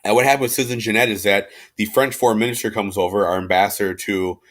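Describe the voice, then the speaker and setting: Talking fast in a lowish, slightly bright voice with fairly even intonation, this man teaches history in a relaxed recorded class. His slangy, chatty delivery has fillers and loose restarts, and he turns quotes into everyday speech as he acts them out.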